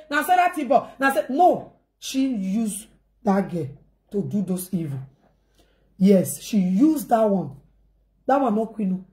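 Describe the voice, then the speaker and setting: A woman's voice: fairly high pitch, darkish tone. A woman with a Nigerian accent talking casually to her viewers in a rambling, repetitive way, mixing in pidgin phrases.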